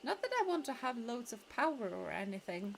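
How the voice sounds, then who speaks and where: A woman reading the lines of a shy, earnest young male hobbit in a video game, speaking softly and modestly. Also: a little high, sing-song, brisk, vocal fry, a little hiss or hum. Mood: bashful.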